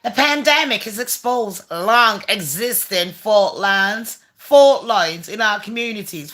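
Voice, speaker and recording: A woman's voice: mid-range voice, lively intonation, takes it slowly, hardly any pauses, fairly bright tone. A woman hosting her own channel, reading a letter aloud and tearing into it with profane, mocking, sarcastic commentary. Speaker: channel host.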